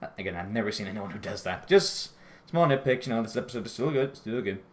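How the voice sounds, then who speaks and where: A man giving a casual, rambling episode review, often correcting himself and apologizing, his voice jumping high when he gets out of breath. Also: expressive, quick pace. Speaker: show reviewer.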